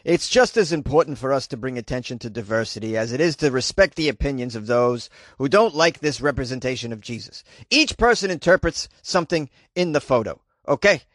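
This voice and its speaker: A man voicing an elderly male church spokesman, in a slow, deliberate put-on old man's voice. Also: mid-range voice, animated, a bit bright, no room sound, studio quality. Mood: explaining.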